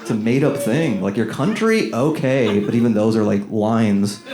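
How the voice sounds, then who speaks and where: A man's voice: on the low side, normal speed, crowd noise. A man doing a loose, riffing stand-up comedy set in a small room with a live audience. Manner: loose, riffing, lively, swears freely. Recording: echoey room, audience laughter.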